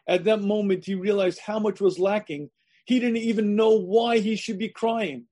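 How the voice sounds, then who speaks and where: A man lecturing as a rabbi, emphatic, repeating his phrases and often clearing his throat, on a video call. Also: sits high, moderate pace, dark tone. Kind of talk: sermon-style lecture.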